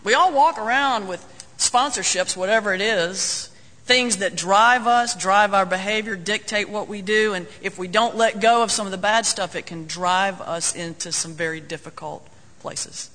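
A man's voice: sits high, moderate pace, sharp tone. A man preaching a sermon as a folksy, joking storyteller. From North Carolina, US. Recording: long hall reverb.

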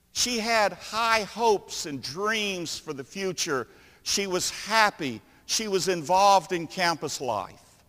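Male preacher, high sharp voice, unhurried dramatic sermon storytelling. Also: in a large hall. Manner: slow, dramatic pauses between phrases.

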